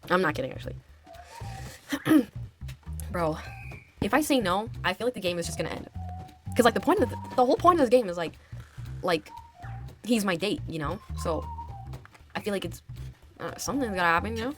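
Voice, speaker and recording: Young woman gamer, mid-pitched, casual and giggly, talks to her viewers while reading story text aloud. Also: big pitch swings, brisk, pauses often, faint music behind. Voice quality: chatty, giggly, many fillers like "like" and "bro". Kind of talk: let's-play commentary, reading game text aloud.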